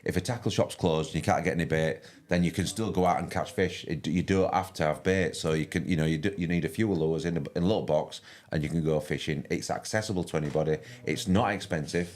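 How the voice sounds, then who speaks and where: An older man with a broad West Yorkshire accent and a very low, deep voice talks casually as a fishing commentator. He rambles, restarting his sentences and filling the gaps with ums. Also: fast, hardly any pauses, a little mellow. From West Yorkshire, England. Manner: rambling, with many restarts and fillers. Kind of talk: casual live-stream chat.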